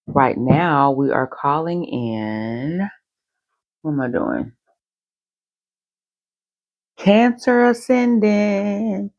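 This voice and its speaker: Playful tarot reader, sing-song drawn-out phrasing, medium pitch, close dry sound. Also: lively intonation, no room sound, muffled recording. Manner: thinks aloud while shuffling and pulling cards. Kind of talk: recorded tarot reading.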